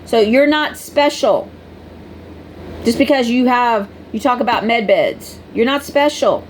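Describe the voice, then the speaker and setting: Woman, vlogger, blunt and preachy, fairly high voice, faint background noise. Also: a little slow. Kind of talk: casual direct-to-camera talk.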